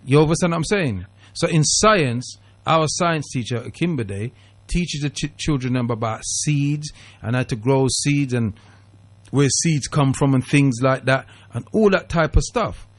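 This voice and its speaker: A man hosting a radio phone-in, cutting in to calm his caller and then explaining at length. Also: mid-range voice, a little slow. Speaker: radio talk show host.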